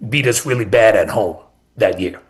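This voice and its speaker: A middle-aged man with a lowish voice and moderate pace appears as a guest on a sports radio show; he's a former college basketball assistant coach. He tells stories earnestly, repeating key points for emphasis.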